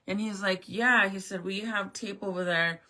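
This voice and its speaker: A woman's voice: medium pitch, fairly even intonation, moderate pace, pushed and bright. A woman telling a storytime in a casual vlog rant, swearing and acting out both sides of the talk. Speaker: vlogger.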